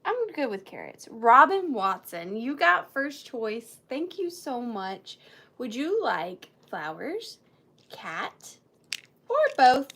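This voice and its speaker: A woman's voice: fairly high pitch, sing-song, slow, sharp tone. A woman hosting a live vintage sale, chatting playfully with viewers by name and counting down bids. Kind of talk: live auction selling chat.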